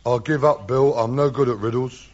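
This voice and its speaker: A man's voice: mid-range voice, fairly even intonation, brisk, very noisy. A man speaking in a plain-spoken, dim and cheerful way in a radio comedy sketch. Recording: dull radio recording with loud audience laughter.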